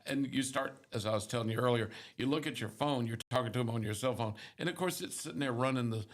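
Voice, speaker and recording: A man's voice: medium pitch, fast talker. Wry rambling older man, chatty. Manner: rambling storyteller with wry humor. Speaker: morning show co-host. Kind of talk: casual radio chat.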